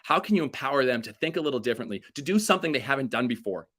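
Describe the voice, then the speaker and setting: Male keynote speaker in his thirties, lively storyteller, mid-pitched voice. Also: very fast. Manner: energetic storyteller acting out quotes with big pitch jumps.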